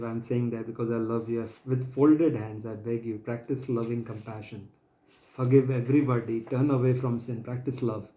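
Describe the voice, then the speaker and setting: A man's voice: mid-range voice, warm tone, roomy sound, muffled recording. A man preaching a sermon in an earnest, pleading way, repeating himself and quoting scripture.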